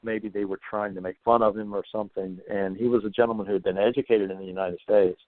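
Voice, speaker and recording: This fast-talking man has a fairly low pitch and a steady tone, recorded dry and phone-like with no echo. Appearing as a guest author on paranormal folklore in a laid-back podcast interview, he's reflective, often stumbling and repeating himself.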